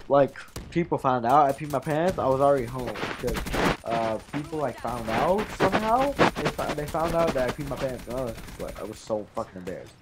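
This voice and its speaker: Amid heavy background noise, a teenage boy of fourteen with a medium-pitched voice tells viewers about something embarrassing. His storytelling is casual and rambling, full of swearing and shout-outs to "guys."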